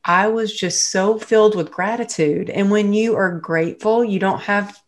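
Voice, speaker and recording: A middle-aged woman telling a personal story in casual chat, animated and jumping up high when she quotes people or laughs. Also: moderate pace.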